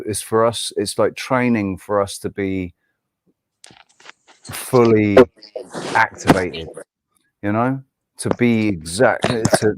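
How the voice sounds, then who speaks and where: A man in a casual group discussion, talking haltingly and restarting often as he searches for words. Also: on the low side, no room sound.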